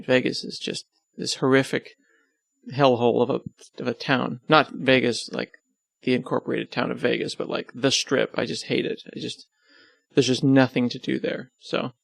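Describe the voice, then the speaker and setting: On his podcast, a man being interviewed chats casually, rambling and cracking self-deprecating jokes. His medium-pitched voice is gravelly, with no room sound.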